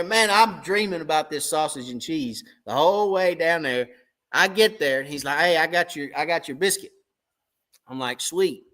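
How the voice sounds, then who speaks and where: A man who hosts a fishing channel tells a long story on a live stream and plays both sides of every exchange himself. His voice sits a little high for a man. It has a sharp, bright edge. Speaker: tournament crappie angler and channel host.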